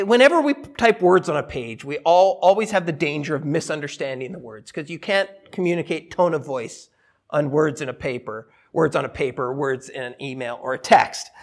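A man's voice: a little high, moderate pace. A middle-aged male pastor preaching a sermon, emphatic and repetitive in his delivery. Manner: emphatic, repeats himself, animated delivery.

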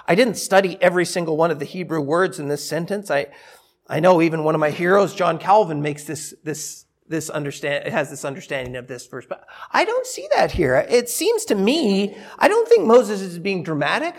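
A middle-aged male pastor preaching a sermon, emphatic and repetitive in his delivery. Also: high-pitched. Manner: emphatic, repeats himself, animated delivery.

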